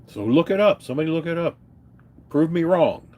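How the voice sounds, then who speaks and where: A man's voice: fairly high pitch, lively intonation, brisk, darkish tone. A man livestreaming an unscripted, agitated rant, swearing and telling his viewers about his grievances. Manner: agitated, profane, ranting and telling stories to viewers. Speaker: livestreamer answering chat.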